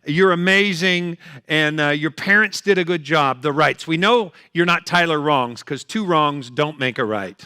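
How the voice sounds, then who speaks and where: A man's voice: fairly high pitch, bright, forceful tone, no room sound, clean studio sound. An older man doing a stand-up comedy set, punchy, chatty and full of jokes.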